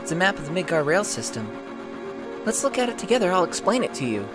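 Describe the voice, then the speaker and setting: Man in falsetto as a perky young rebel woman, chirpy, high voice, game music behind. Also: very animated, quick pace.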